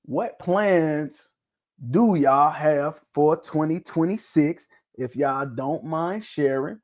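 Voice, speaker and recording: A man's voice: on the high side, a little mellow. A man hosting a livestream in a loose, joking, profane way, laughing often. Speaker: livestream host. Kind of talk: casual livestream chat.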